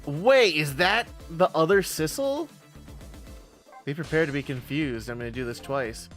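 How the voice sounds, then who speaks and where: A man's voice: fairly high pitch, animated, moderate pace, fairly bright tone, faint music behind. A man giving casual live-stream commentary while playing a game, rambling, interrupting himself and laughing often.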